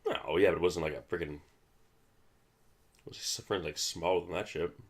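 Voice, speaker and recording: Deep-voiced man rambling through a movie commentary. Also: a little slow. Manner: rambling, many restarts and fillers. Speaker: film commentary host.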